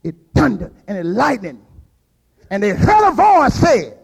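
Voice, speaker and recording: An older man preaching a fervent sermon, dropping to quiet asides and rising to shouted peaks. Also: high-pitched, huge pitch swings, measured pace, vocal fry, breathy edge, poor audio.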